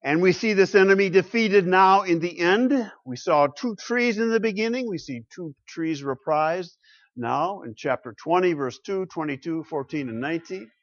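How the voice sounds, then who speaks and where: Pastor preaching; man with a fairly high voice, dramatic shifts between loud and hushed, muffled recording. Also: moderate pace. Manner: rhetorical questions, swings from loud to hushed. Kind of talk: sermon. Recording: muffled lo-fi sound.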